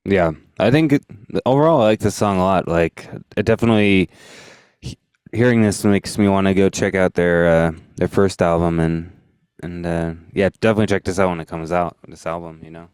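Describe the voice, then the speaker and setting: Low smooth-voiced man chatting. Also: fairly quick, a little mellow, no echo. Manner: rambling, many fillers, laughing easily. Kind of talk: casual music chat.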